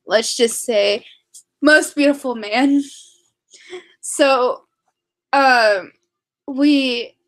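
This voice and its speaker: A young woman chatting to her camera in a high voice, rambling and excitable. She takes her time, circling back over her words with fillers and restarts. It sounds like a casual vlog recorded at home. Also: extremely slow, pauses often. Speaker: vlogger.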